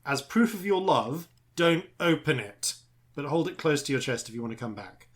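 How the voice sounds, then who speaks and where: A man's voice: fairly high pitch, expressive, normal speed, natural voice. A man playing a flirty sea princess. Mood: resigned.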